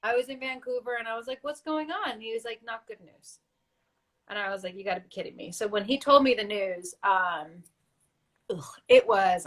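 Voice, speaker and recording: A woman guest in a casual interview, telling her story in an animated way and acting out what others said. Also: mid-range voice. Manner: animated storytelling, acts out quotes. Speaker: actress guest.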